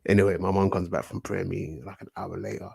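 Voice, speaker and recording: A British man, telling animated, slangy stories as a guest in a casual chat. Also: deep voice, quick pace, creaky, husky. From United Kingdom. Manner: animated, swearing, slangy storyteller. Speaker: podcast guest.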